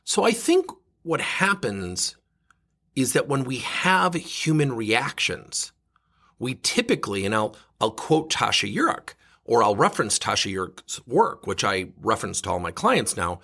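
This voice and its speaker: Lively husky-voiced man coach. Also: medium pitch, measured pace. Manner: animated, self-mocking storyteller. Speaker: leadership coach and podcast host. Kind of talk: solo podcast storytelling monologue.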